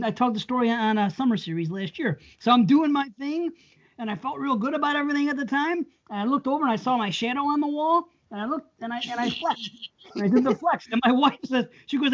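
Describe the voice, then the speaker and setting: A man's voice: extremely high pitch, fast, highs cut off. A man co-hosting a podcast, bantering crudely, swearing freely and laughing often. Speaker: podcast co-host.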